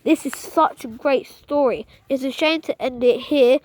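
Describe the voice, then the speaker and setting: Gruesome snarling giants, storybook read-aloud, woman reader, high voice. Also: moderate pace, darkish tone, no echo, natural voice. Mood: gloating. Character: two gruesome hulking giants. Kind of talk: children's book read-aloud.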